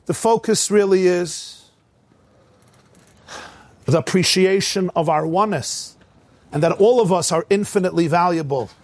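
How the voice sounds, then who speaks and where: High-voiced man giving an animated sermon. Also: normal speed, pauses often, no echo. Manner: animated storytelling, acting out quotes.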